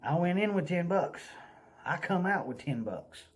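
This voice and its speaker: A high-pitched man with a Southern US accent laughs while telling an animated, folksy story at a normal speed in a laid-back vlog.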